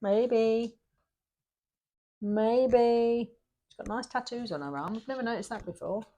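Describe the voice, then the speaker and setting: A talkative middle-aged woman doing a casual tarot reading. Her voice sits a little high and she talks in emphatic, repeated bursts. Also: unhurried, mellow, lo-fi sound. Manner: chatty, emphatic and repetitive, with bursts of energy. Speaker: tarot reader.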